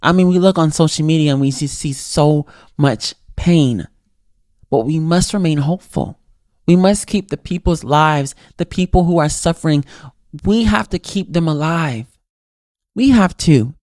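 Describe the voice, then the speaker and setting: A man hosting his own podcast, giving an earnest, reflective solo motivational talk with lively pitch swings. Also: measured pace, dry recording, studio quality. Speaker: podcast host.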